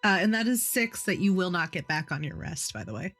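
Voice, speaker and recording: A woman's voice: on the low side, animated, fairly quick, fairly bright tone, soft background music. A woman playing in a tabletop game, talking casually and narrating events. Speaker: player.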